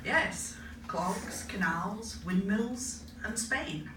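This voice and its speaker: A woman putting on the voice of a matter-of-fact, know-it-all Dutch man, brisk and lecturing, in an echoey live room. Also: mid-range voice. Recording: echoey live room, distant mic, noisy.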